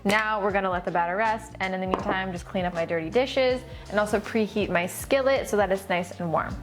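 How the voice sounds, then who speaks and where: A woman's voice: medium pitch, brisk, music in the background. A woman hosting a cooking vlog, chatting upbeat and casual as she walks through a recipe in a home kitchen. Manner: upbeat, chatty, says "super" and "so good" a lot.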